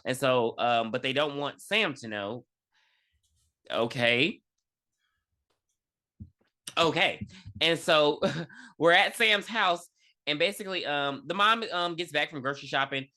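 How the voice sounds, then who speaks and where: A man co-hosting a movie-review podcast, recapping the plot with sarcastic jabs and plenty of swearing. His voice is bright and forceful. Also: on the high side, lively intonation, a little slow, pauses often. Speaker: podcast co-host. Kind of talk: casual movie review chat.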